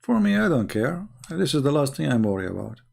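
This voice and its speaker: A man's voice: on the high side, very animated, brisk, creaky, darkish tone, husky. A man with a non-hosting a live stream, retelling debates and acting out what others said in a raised voice, often repeating words and restarting sentences.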